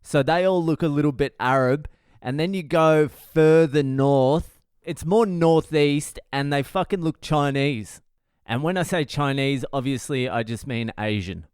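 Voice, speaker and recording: A man's voice: a little high, unhurried, darkish tone, clear, resonant tone, dry recording, studio quality. Profane, rambling man. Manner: profane, rambling, jokey storytelling. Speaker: comedian and podcast host. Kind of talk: casual monologue podcast.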